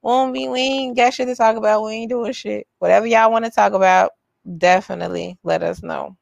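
A woman's voice: mid-range voice, fairly even intonation, brisk, creaky, dry recording, highs cut off. A woman co-hosting a podcast in casual chat, swearing, teasing and laughing often. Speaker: podcast co-host.

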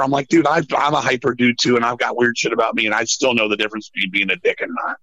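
Man, middle-aged, profane rambling storyteller, bright forceful tone, dry close sound. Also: mid-range voice, fairly even intonation, very fast, few pauses, dry recording, highs cut off. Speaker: podcast guest, metal musician. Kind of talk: casual storytelling chat.

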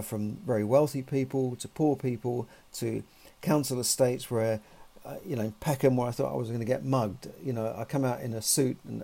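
A man's voice: medium pitch, vocal fry, dark tone. A man, talking in a rambling, conversational monologue full of "you know" and restarts. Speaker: podcast host. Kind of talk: casual monologue.

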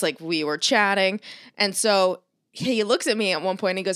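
A woman chatting casually as a podcast co-host, an animated storyteller who swears often and acts out what people said. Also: mid-range voice, normal speed, dry recording, studio quality. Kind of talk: casual chat.

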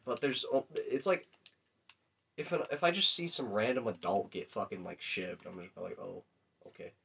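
A man's voice: fairly low pitch, very animated, normal speed, creaky, bright, forceful tone, husky. A young man chatting casually on a podcast, telling rambling, crude, profanity-laden stories. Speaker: podcast co-host. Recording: dull lo-fi recording.

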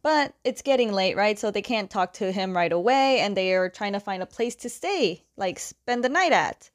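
A woman's voice: medium pitch, expressive, normal speed. A young adult woman casually recapping a story's plot in a loose, chatty way, with lots of fillers. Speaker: comic book reviewer.

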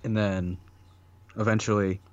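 A man's voice: on the low side, level tone, unhurried, darkish tone, no echo, muffled recording. A man co-hosting a casual podcast chat, talking loosely with lots of fillers and frequent laughs. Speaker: podcast co-host.

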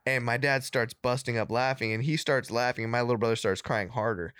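A man spins a rambling, profane childhood story in a relaxed chat, laughing as he goes. His voice sits at an ordinary middle pitch. The sound is close and dry, with no room in it. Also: a little fast, clean tone, dry recording. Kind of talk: casual podcast chat.

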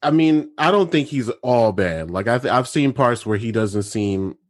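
A man's voice: medium pitch, lively intonation, normal speed, dry recording. Emphatic man in casual chat, dry sound. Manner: emphatic, lots of "like" fillers.

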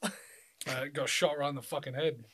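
A man's voice: a little high, fairly even intonation, fairly quick, fairly bright tone, breathy edge. A young man chatting casually, telling loose stories full of swearing and laughter. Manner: loose, swearing storyteller who laughs often. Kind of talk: casual chat.

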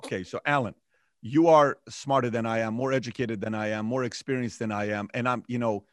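Stammering, animated male interview host. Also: medium pitch, brisk, no echo, clean studio sound. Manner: stammering, repeats words, animated and pushy. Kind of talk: casual interview.

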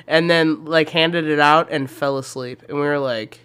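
A young man co-hosting a podcast in casual chat, animated and laughing often, swearing freely and calling his co-host "dude". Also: fairly high pitch, moderate pace, clean tone.

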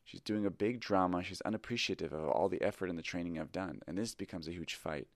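Low gravelly man telling a candid story. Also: fast talker, no echo, studio quality. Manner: reflective, candid, self-critical. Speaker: improv teacher. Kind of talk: confessional storytelling.

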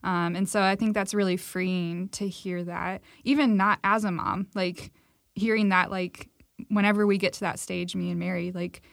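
A woman's voice: on the low side, steady tone, moderate pace, creaky, fairly bright tone, no room sound, clean studio sound. A young woman co-hosting a casual faith conversation on a call, enthusiastic and full of "like" fillers. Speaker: podcast co-host.

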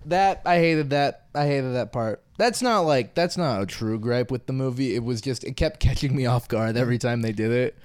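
A man's voice: mid-range voice, moderate pace, hardly any pauses, a little mellow, clean tone, no room sound. A man co-hosting a podcast, chatting casually about a movie and thinking aloud in a hesitant way. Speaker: podcast co-host. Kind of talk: casual movie-review chat.

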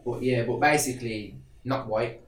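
Actor guy chatting loose and slangy, mid pitch, echoey room, a bit off mic. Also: normal speed, crowd noise. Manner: animated, slangy, leans on "innit" and "do you know what I mean". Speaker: actor, podcast guest. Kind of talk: casual chat. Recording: roomy, somewhat distant mic.

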